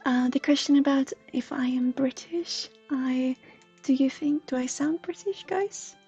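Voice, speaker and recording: A woman from Sweden, a streamer and intuitive counselor chatting softly with viewers, often slipping into a breathy whisper. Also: sits high, measured pace, muffled recording, soft background music. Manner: soft, often drifting into a breathy whisper, laughs often. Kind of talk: live stream chat with viewers.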